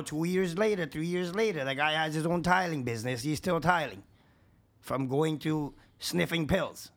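A man, a podcast guest, telling rambling, profane anecdotes in casual chat, dropping low for asides and getting louder when excited. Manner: swings between low asides and raised excitement. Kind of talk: casual storytelling.

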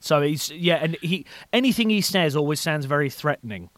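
A man hosting an interview podcast, enthusiastic and quick to laugh. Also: a little high, expressive, fairly bright tone, no echo. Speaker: podcast host. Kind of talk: casual interview chat.

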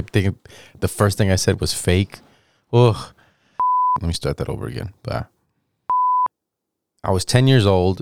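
A man in his thirties, a comedian guest, telling a rambling, animated story and acting out the voices of people in it. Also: low-pitched, no echo. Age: 30s. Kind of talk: casual storytelling anecdote.

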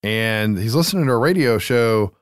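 A man's voice: fairly low pitch, animated, normal speed, clean tone, no room sound, studio quality. A man co-hosting a casual movie recap, loose and profane, laughing easily. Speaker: podcast co-host.

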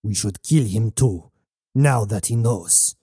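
A man voicing a grim, vengeful husband in an audiobook, speaking low and flat. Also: slow, slightly rough, dry recording, studio quality, full character voice. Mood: cold. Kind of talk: audiobook narration.

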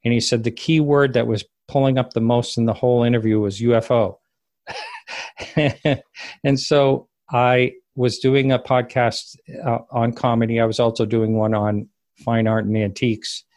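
A man recounting a personal story as an interview guest, rambling and halting and often correcting himself. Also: mid-range voice, level tone, a little mellow, no room sound. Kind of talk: casual spoken recollection.

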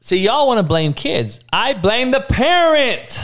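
A man's voice: extremely high pitch, big pitch swings, a little slow, a bit bright. A man hosting a show and ranting in a casual, comedic, heavily profane and emphatic way. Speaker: podcast host and coach.

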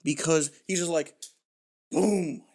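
Rowdy, high-voiced man chatting. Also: slow, darkish tone. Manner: rowdy, swearing, acting out scenes in goofy voices. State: hyped up on energy drink and alcohol. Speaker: podcast co-host. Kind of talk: casual podcast chat.

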